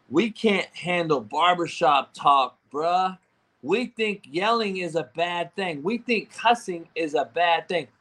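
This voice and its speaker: A very high-pitched man with a sharp, bright edge rants at the chat during his live show. He yells and swears constantly, with his pitch swinging up and down as he argues. He talks on a phone held a good distance from his face. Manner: loud, yelling, profane, confrontational. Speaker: livestream show host answering chat. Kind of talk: profane ranting commentary. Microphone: phone held far away.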